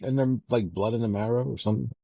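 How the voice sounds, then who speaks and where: A man's voice: mid-range voice, quick pace, vocal fry, dark tone, breathy edge, no room sound. A man co-hosting a podcast about a novel, joking and swearing as he rambles through the discussion. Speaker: podcast co-host. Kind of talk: casual book-club chat. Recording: dry, dull lo-fi podcast audio.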